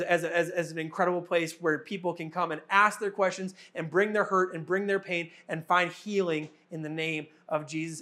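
A man's voice: sits high, fairly bright tone. A man in his thirties, a pastor, preaching a sermon with earnest, repetitive cadence.

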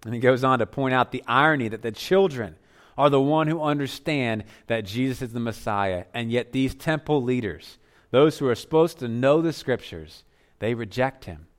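A man preaching a sermon as pastor, earnest, dropping to softer tones for emphasis. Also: medium pitch, animated, normal speed.

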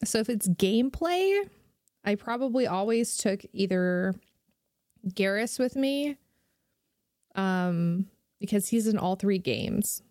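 A woman co-hosting a podcast, talking in an animated, quick and playful way. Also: mid-range voice, no room sound, studio quality. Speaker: podcast co-host. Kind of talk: casual chat.

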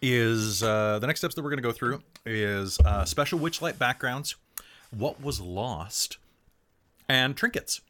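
Animated man running a tabletop game. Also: mid-range voice, slight background noise. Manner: animated and excitable, quick asides. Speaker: game master. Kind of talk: casual chat, explaining game setup.

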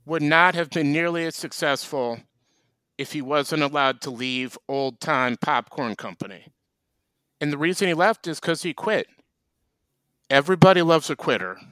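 A man co-hosting a comedy chat, delivering deadpan, mock-serious rants. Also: on the high side, normal speed, no room sound. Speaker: co-host.

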